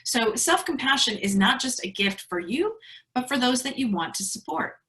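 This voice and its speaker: A woman's voice: fairly high pitch, animated, moderate pace, bright, forceful tone, low-quality recording. A woman giving an online presentation to educators, telling stories in a chatty way with fillers over a video call. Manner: conversational storytelling with fillers. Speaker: speaker at an educators' webinar.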